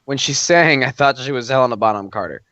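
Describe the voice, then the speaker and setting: A chatty man in a casual podcast talk about a film, filling his sentences with "like" in a medium-pitched voice. The recording is dry and slightly muffled. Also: quick pace, sharp tone, no echo. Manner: chatty, filler-heavy, amused. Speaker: podcast co-host. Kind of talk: casual movie review chat.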